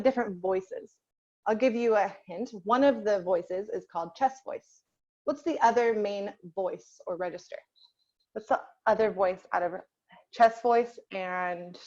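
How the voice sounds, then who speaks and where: A woman's voice: fairly high pitch, a little mellow, muffled recording. A woman voice teacher leading an online group lesson over a video call, patiently asking the class questions and waiting for answers.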